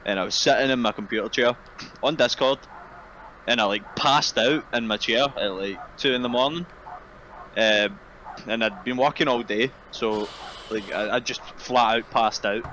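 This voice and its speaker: A man's voice: medium pitch, moderate pace, sharp tone, slight background noise, low-quality recording. A young man, co-hosting a casual podcast and telling crude, rambling stories. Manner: rambling, laughing storyteller with crude humor. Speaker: podcast co-host. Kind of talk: casual chat.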